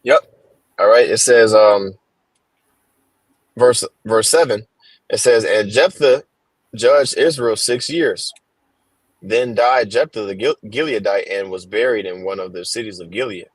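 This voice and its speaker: A man's voice: fairly low pitch, breathy edge, no echo, low-quality recording. A man reading Bible verses aloud in a casual class, stopping and restarting with fillers. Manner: halting, reads slowly with fillers. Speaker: scripture reader in a Bible class. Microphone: headphones on a stream.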